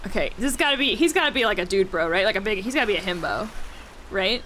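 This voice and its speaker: A woman's voice: a little high, expressive, a little fast, fairly bright tone, slight background noise. A young woman streamer reading a game's text aloud with playful, giggly asides. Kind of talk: game playthrough, reading text aloud with commentary.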